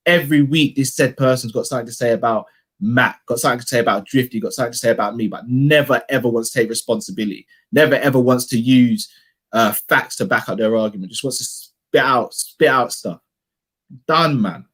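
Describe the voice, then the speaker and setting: A man's voice: medium pitch, brisk, a bit bright, slightly rough. A young man hosting a live fan reaction stream, ranting heatedly and repeating himself for emphasis. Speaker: fan channel co-host. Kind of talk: live post-match reaction rant.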